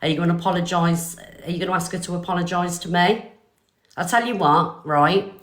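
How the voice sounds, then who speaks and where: Older woman, stream host, defiant and sweary, deep voice, echoey room. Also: steady tone, a little fast, fairly bright tone. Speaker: livestream host. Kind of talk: live stream chat.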